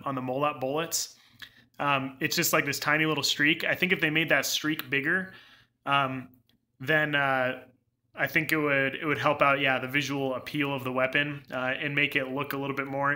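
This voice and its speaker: A young man streaming gameplay live with a very bright, sharp voice at a middling pitch. He rambles, restarts his sentences and laughs often as he reads chat. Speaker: game streamer. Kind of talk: casual live gameplay commentary.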